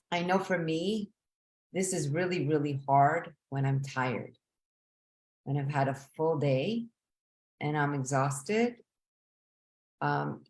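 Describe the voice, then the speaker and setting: A woman hosting a live question and answer stream, giving reflective advice in a measured way, often pausing with "um" and asking "right?". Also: low-pitched.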